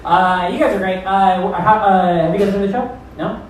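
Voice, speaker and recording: A man's voice: high voice, moderate pace. A man from Iowa hosting a stand-up show, doing rambling, profane, self-deprecating crowd work. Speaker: comedy show host. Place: comedy club. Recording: echoey room from far off.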